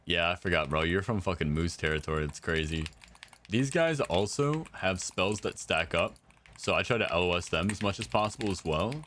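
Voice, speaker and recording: A man's voice: sits low, animated, moderate pace, fairly bright tone. A young man chatting casually with viewers while he plays, laid-back and slangy. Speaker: game streamer. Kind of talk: casual live-stream chat.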